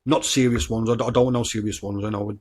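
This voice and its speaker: A man's voice: fairly low pitch, steady tone, racing, darkish tone. A man with a Black Country accent, chatting casually as a podcast host, rambling and swearing freely. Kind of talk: casual chat.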